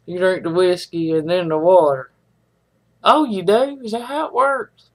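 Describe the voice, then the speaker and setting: A middle-aged woman chats with her live-stream viewers in a folksy, rambling manner. Her voice is fairly low and unhurried.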